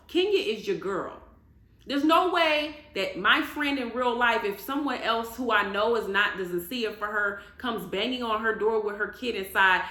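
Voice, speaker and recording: A woman rants through casual reality-TV commentary, animated and indignant. Her voice sits a bit high and sounds bright and forceful. The room around her gives a noticeable echo. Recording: echoey room.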